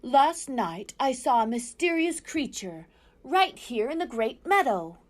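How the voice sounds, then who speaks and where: A woman voicing a bossy, alarmed male owl in a storybook reading, calling out loud and urgent. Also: sits high, big pitch swings, a little slow, voice pushed up.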